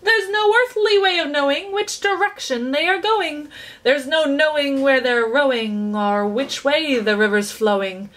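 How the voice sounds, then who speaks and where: A woman voicing an eccentric, excitable male chocolatier in a storybook reading, exclaiming in a sing-song way. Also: high voice, a little slow, pitched above the performer's own voice. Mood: gleeful.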